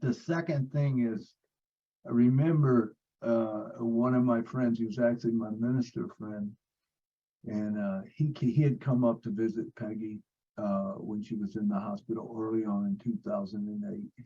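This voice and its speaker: A man's voice: fairly low pitch, steady tone, normal speed, mellow, husky. Earnest man on a lo-fi call. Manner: earnest, repeats phrases, frequent fillers. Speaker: support group member. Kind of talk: personal storytelling on a video call. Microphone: video call.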